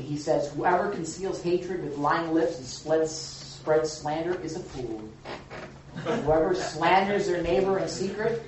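Man leading a Bible study, animated and playful; far, roomy sound. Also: fairly high pitch, a little hiss or hum. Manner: animated, jokey, acts out quotes. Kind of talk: church teaching with group discussion. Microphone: room mic from a distance. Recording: echoey hall, far from the mic.

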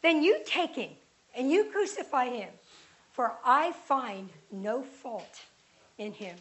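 A woman voicing a stern male Roman governor in a scripture reading, speaking slowly and deliberately. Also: high-pitched, expressive, fairly bright tone, full character voice, poor audio. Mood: solemn. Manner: slow, deliberate, measured delivery.

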